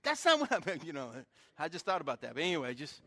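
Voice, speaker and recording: A man's voice: on the high side, wildly swooping pitch, fast, sharp tone. A male pastor preaching a sermon in a church, telling stories in a chatty way and joking about his own faults. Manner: conversational storytelling with self-deprecating humor.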